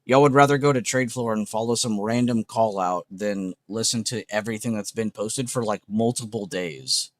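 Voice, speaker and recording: A man's voice: lowish voice, moderate pace, few pauses. A man hosting a trading livestream, talking in a blunt, emphatic, unscripted way, swearing often and repeating points.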